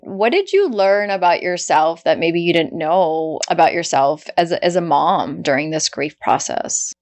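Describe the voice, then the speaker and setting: A woman's voice: on the low side, animated, measured pace. A woman hosting a podcast interview, asking questions in an empathetic, emotional way. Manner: warm and empathetic, gets emotional. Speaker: podcast host.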